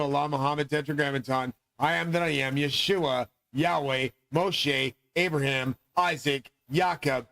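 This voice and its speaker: A man's voice: fairly high pitch, vocal fry, fairly bright tone, no echo, rough recording. A middle-aged man delivering a rambling, profane, grandiose monologue as host of his own channel.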